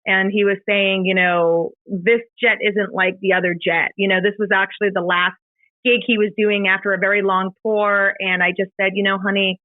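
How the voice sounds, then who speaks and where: A woman's voice: medium pitch, little pitch movement, no echo. Middle-aged woman telling her story on a podcast, lots of ums and restarts, sounds thin and phone-like, totally dry. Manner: halting, emotional retelling with many fillers and restarts. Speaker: podcast guest. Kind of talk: personal storytelling in an interview.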